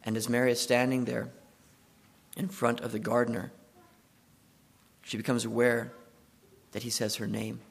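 A man preaching a sermon, retelling a story and swinging between hushed passages and emphatic ones. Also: mid-range voice, level tone, moderate pace, creaky, pauses often, husky.

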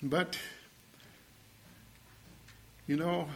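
A man's voice: medium pitch, steady tone, measured pace, creaky, long pauses, husky. An older man preaching a sermon, telling a story in a folksy way and building to fervent exhortation.

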